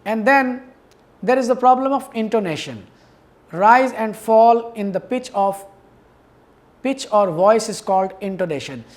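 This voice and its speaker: Male university lecturer, unhurried deliberate classroom delivery. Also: high-pitched, lively intonation. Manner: measured, explanatory, repeats key words. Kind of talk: academic lecture.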